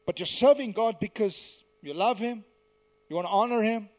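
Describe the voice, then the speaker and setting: A man preaching a sermon, teaching verse by verse and asking the congregation to repeat lines after him, swelling loud on key words and dropping soft at the ends. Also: sits high, normal speed.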